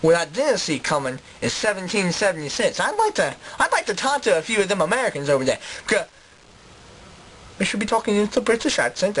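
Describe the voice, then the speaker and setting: A man's voice: high voice, fairly bright tone, slight background noise, poor audio. A man voicing a boastful, pompous British colonist in a mock posh accent for a comedy sketch.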